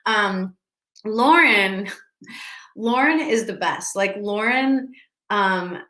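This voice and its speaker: A woman talks with fans over a video call, her voice bright and forward. She rambles, restarts her sentences and keeps the chat loose and casual. The room around her rings with a noticeable echo. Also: medium pitch, very slow. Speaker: actress answering fan questions. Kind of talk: casual virtual Q&A. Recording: echoey room.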